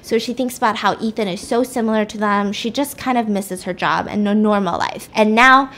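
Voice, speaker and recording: A woman's voice: mid-range voice, a little fast, fairly bright tone. A woman podcast host casually retelling a story, chatty and swearing, with asides to her listeners.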